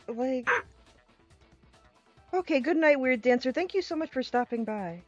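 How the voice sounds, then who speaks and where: A woman's voice: high voice, expressive, a little slow, long pauses, darkish tone, dry recording, dull audio. Laughing, exasperated woman streaming a game. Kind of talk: casual game stream commentary. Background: faint game music.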